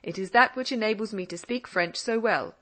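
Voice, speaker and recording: A woman's voice: medium pitch, fairly quick, close to an everyday voice. A woman voicing an older Scottish father who indulgently teases his daughter in an audiobook. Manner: indulgent and gently mocking. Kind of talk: audiobook character reading.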